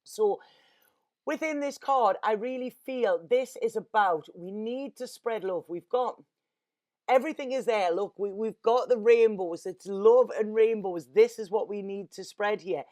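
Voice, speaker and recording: A woman's voice: medium pitch, a little slow, darkish tone. A woman, a tarot reader talking in an earnest, rambling, emotional way and often repeating her words. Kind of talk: casual spiritual monologue.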